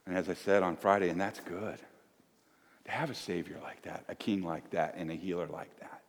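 A man in his fifties preaching a sermon as pastor, conversational and swinging between loud emphasis and hushed asides. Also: sits low, steady tone, normal speed, big-room sound. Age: 50s. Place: church.

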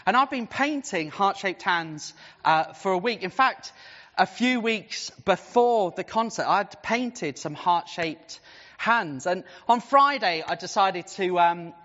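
Chaplain, animated storytelling sermon, long church echo, dull lo-fi sound. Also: mid-range voice. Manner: animated, vivid storytelling with swings of pace. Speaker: preacher and city centre chaplain.

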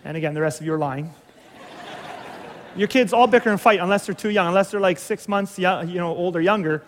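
A man's voice: high-pitched, brisk, slight background noise. A middle-aged man preaching a sermon, telling a story in a conversational, humorous way with many restarts. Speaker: pastor. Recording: reverberant hall.

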